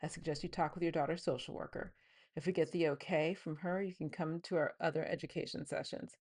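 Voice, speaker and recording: A woman with a low voice reads from her own book in an even narrating tone. Between passages she talks loosely with the listener, using fillers and quick asides. The pitch sits deep for a woman throughout. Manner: reads the scene plainly, then breaks into chatty asides. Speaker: author reading and commenting on her novel. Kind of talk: book reading with commentary.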